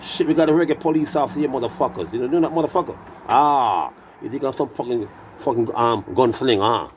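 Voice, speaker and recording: Over loud music, a male reggae artist rambles through a profanity-laden story in loose patois, occasionally breaking into singing. He speaks quickly in a mid-range voice, with slight background noise.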